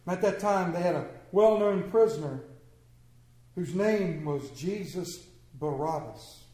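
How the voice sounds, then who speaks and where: Male preacher, earnest sermon, fairly high voice, roomy church echo. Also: animated, slow pace, warm tone. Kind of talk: sermon with scripture reading.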